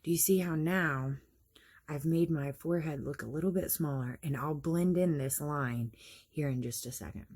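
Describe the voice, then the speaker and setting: A woman talks through her morning makeup routine in a casual, chatty way, explaining each step as she goes. Her voice is slightly husky. She often pokes fun at herself. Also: sits low, moderate pace, a little mellow. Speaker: makeup vlogger.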